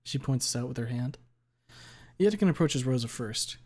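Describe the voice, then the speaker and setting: A man reading a visual novel aloud in the first person, with a steady, even delivery. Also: mid-range voice, normal speed. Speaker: narrator.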